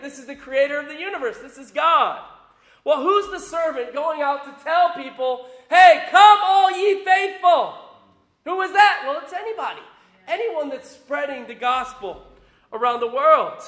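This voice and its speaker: A pastor, a man with young children, giving an emphatic, animated sermon mixed with a personal story. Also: extremely high pitch. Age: adult with young children. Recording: roomy echo.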